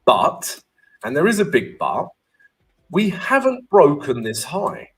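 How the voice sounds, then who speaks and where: A man's voice: fairly high pitch, huge pitch swings, slow pace, breathy edge. A man hosting a live trading stream, teaching in a chatty way, keeps checking in with "right?" and greeting viewers by name.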